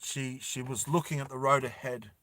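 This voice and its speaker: A man narrating a story dramatically, repeating lines and dropping soft for emotional moments. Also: medium pitch, steady tone, normal speed, no room sound.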